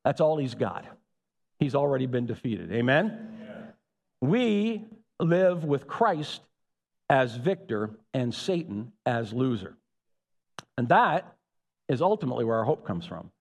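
A man's voice: mid-range voice, big pitch swings, unhurried, vocal fry, pauses often, a little mellow. A man preaching a sermon as pastor, building to emphatic peaks and calling out to the congregation. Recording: long hall reverb.

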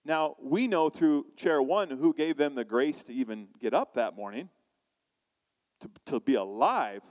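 Male pastor, lively sermon, acts out quotes, long hall reverb. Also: mid-range voice, a little slow. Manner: animated, acts out quoted voices, asks the congregation questions.

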